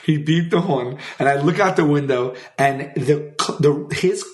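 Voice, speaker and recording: A man's voice: on the high side, measured pace. Rambling man, echoey room. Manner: rambling, animated, acts out quoted voices. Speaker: podcast co-host. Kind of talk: casual storytelling.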